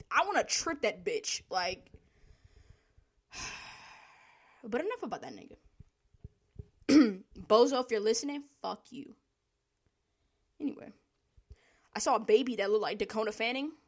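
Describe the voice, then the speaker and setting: A young woman telling work stories to camera in a casual, profane, laughing rant. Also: high voice. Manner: profane, animated, laughing, exasperated. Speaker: vlogger.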